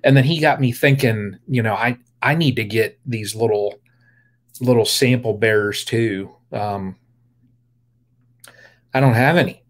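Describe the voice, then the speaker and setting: A man's voice: medium pitch, a little slow, pauses often. A man hosting a casual beekeeping livestream, rambling with lots of fillers and greeting viewers by name. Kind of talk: casual live-stream chat.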